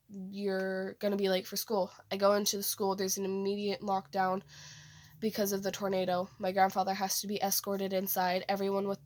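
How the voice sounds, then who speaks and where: Teen girl rambling through a dream story. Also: mid-range voice. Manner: rambling, many fillers and restarts. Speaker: vlogger.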